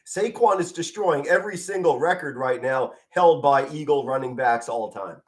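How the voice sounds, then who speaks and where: Medium in pitch and moderate in pace, this middle-aged Pennsylvanian does amateur football play-by-play on a live fan stream from home. He stands in front of a flag, moving while he talks, full of passion and emotion, with the odd stutter.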